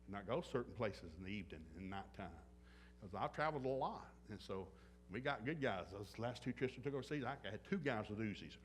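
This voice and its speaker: A man's voice: fairly low pitch, expressive, fairly quick, a little hiss or hum. A man preaching a sermon at a church service, blunt and joking, acting out little scenes with other voices. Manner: joking, blunt, acts out dialogue. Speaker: pastor. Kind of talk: sermon with acted-out anecdotes.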